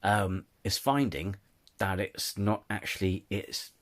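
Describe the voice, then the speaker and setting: A man hosting his own channel delivers a casual opinion rant to camera, stumbling, restarting sentences and frequently apologizing. He speaks slowly in a deep voice.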